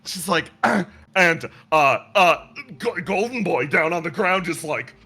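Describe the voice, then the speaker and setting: A man's voice: high-pitched, lively intonation, a little slow, sharp tone, husky, faint music behind. A man running a tabletop game as game master, narrating with lots of laughter.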